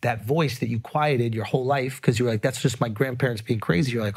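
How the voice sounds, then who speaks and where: A man's voice: medium pitch, fast, darkish tone, husky. Earnest, emphatic man in casual talk. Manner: emphatic, earnest, frequent profanity. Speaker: podcast guest. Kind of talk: casual conversation. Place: podcast studio.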